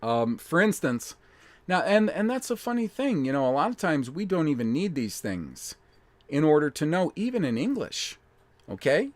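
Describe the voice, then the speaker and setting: A man's voice: on the high side, very animated, normal speed, dry recording. A man hosting a casual live-stream lecture, thinking aloud in a blunt, emphatic way with mild swearing and frequent restarts.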